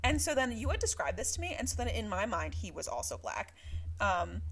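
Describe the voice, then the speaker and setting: A woman talks through a book in an easy, casual chat with her co-host. She laughs often and fills gaps with plenty of fillers. Her pitch sits in an ordinary middle range. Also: sing-song, a little fast, a bit bright, slightly rough. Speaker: podcast co-host.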